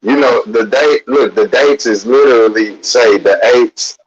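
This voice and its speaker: A man's voice: mid-range voice, a little slow. A man musing and rambling in casual chat. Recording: dull lo-fi audio.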